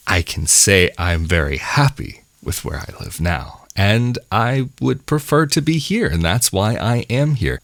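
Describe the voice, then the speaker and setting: A man's voice: deep voice, dry recording, studio quality. A young American man from the West Coast, talking to camera in a thoughtful, musing vlog and correcting himself as he goes. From West Coast of the United States. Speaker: vlogger. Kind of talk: reflective solo talk to camera.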